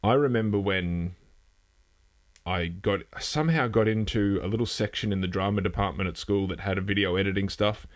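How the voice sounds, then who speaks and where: The host is a man with a fairly low pitch who talks at normal speed. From a home setup, he rambles through a casual live news stream, self-deprecating, often losing his thread and beginning again.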